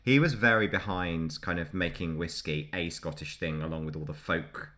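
A man's voice: sits low, normal speed, pushed and bright. A man hosting a podcast, telling history in a loose, chatty way and laughing often between facts. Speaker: podcast host. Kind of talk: casual history podcast chat.

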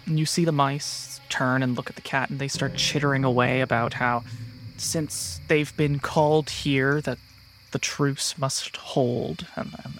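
A man's voice: mid-range voice, steady tone, a little slow, a bit bright, a little hiss or hum. A man acting as game master, describing the scene in an easygoing way. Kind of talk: narrating a tabletop game.

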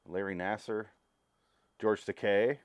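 A man's voice: fairly low pitch, steady tone, takes it slowly, clear, resonant tone, no echo. A man co-hosting a podcast in casual chat, reading headlines aloud and swearing casually. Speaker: podcast co-host.

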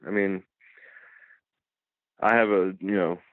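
A man's voice: deep voice, steady tone, takes it slowly, dry recording. A man from Massachusetts talking as a guest artist over a phone call, easygoing and casual, peppering his talk with "man" and "dude". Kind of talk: casual interview chat. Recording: tinny phone line.

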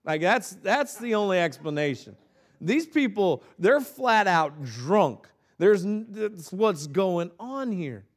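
Animated male pastor preaching. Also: takes it slowly. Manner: animated, dramatic drops to low quiet emphasis; joking asides. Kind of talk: sermon.

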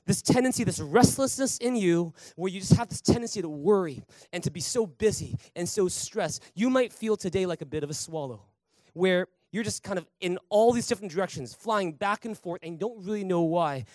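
A man's voice: high voice, darkish tone, no echo. A male pastor preaching at a church service, emphatic, calling out to the congregation for applause and responses. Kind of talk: sermon.

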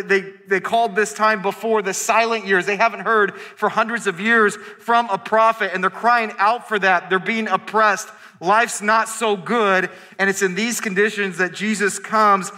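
A man preaching a sermon as pastor, earnest and restarting phrases, slowing down to stress scripture. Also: high voice, bright, forceful tone, in a large hall. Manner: earnest, repeats words when starting phrases.

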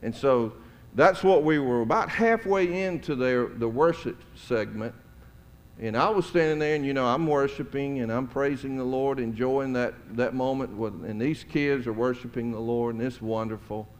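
Folksy pastor in a reverberant hall. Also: male voice, medium pitch, normal speed. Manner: conversational, folksy, chuckling asides. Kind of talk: storytelling sermon. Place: church sanctuary. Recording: long church hall reverb.

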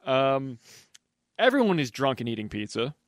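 A man's voice: mid-range voice, moderate pace, no echo, studio quality. A man co-hosting a casual podcast, recapping a horror movie with crude jokes. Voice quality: crude, jokey, animated. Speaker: podcast co-host.

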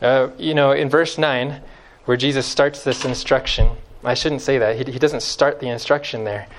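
A man preaching a sermon, emphatic and fond of repeating key phrases, swinging from loud stresses to hushed lines. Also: mid-range voice, steady tone, normal speed, a little hiss or hum.

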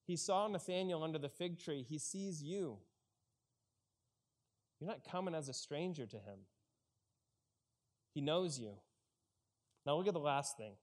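A male pastor delivers a sermon in a loose, conversational way. He slips into the characters' voices as he retells the story. His voice sits a little higher than most men's. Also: lively intonation, unhurried, pauses often. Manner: conversational, acts out the Bible characters' lines.

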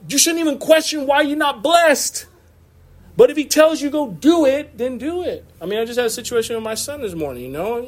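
Guy in his 30s preaching to his church, kinda high voice, chatty, laughs here and there. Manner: conversational preaching with laughs and asides. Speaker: pastor. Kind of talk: sermon. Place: church sanctuary.

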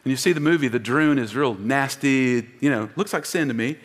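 Fervent pastor preaching in a reverberant church. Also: male voice, medium pitch, a little fast. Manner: emphatic, call-and-response with congregation. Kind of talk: sermon. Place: church auditorium. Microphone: wearing a mic. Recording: long hall reverb.

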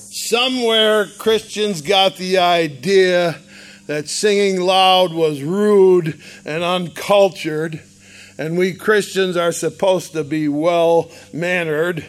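A man preaching a sermon, emphatic and animated, with bursts of loud emphasis. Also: fairly high pitch. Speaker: pastor.

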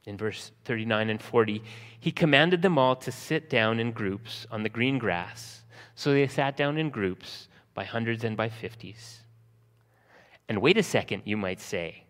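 A man preaching a sermon, slowing for emphasis and acting out scenes from the text in lively voices. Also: mid-range voice, big-room sound. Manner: lively storytelling, acting out disciples' panic in a raised voice. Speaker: pastor.

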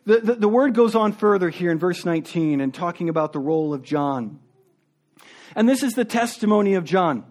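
A man's voice: high-pitched, expressive, a little fast, darkish tone. A man preaching a sermon, reading scripture aloud and then explaining it in a conversational way, often restarting his words. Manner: acts out questioners' voices in the retelling. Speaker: pastor.

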